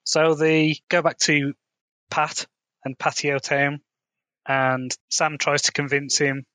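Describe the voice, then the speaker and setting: A man's voice: on the high side, little pitch movement, slow, pushed and bright, no room sound. Chatty man recapping, dry close sound. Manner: laughs often, paraphrases dialogue loosely. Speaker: podcast co-host. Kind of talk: casual chat recapping a TV episode.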